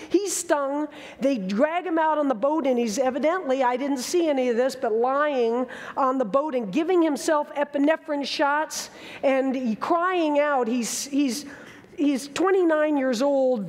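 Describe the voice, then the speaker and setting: A woman's voice: high voice, a little mellow, big-room sound. A woman in her sixties telling a dramatic story on stage, with vivid, emphatic bursts. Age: 60s. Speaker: speaker. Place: large hall with an audience.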